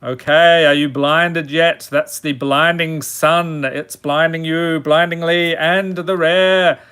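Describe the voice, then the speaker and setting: A man's voice: a little high, steady tone, slow, few pauses, sharp tone, clear, resonant tone. A man hosting a casual card pack-opening video, reading out card names with dry, self-mocking humour. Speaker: channel host opening card packs.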